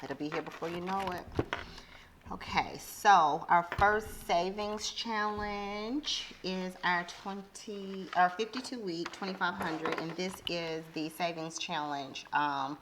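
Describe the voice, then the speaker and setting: A woman vlogger chatting casually as she counts out cash, hesitant and full of fillers and self-corrections. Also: slow. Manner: counts money aloud in a low murmur. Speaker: budgeting vlogger. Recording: steady background noise.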